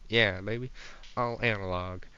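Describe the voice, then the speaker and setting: A man voicing a rowdy young male anti-government skater punk in a put-on Southern accent, loud and slangy. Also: lowish voice, steady tone, a little slow, lo-fi sound, a little hiss or hum. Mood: ranting. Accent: American Southern, put on.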